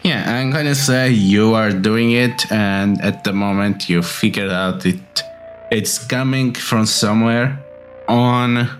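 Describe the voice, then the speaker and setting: A man narrating a tabletop role-playing game as game master, slow and hesitant with frequent pauses. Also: lowish voice, faint music behind.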